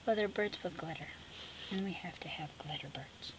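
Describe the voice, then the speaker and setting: A woman vlogging as she makes an art collage. She chats casually and sassily, talks to herself as she works, and often drops into soft whispers. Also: lowish voice, normal speed. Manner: chatty, drifting into soft whispers; sassy, talks to herself while working. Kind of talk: casual chat while crafting. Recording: steady background noise with clicks.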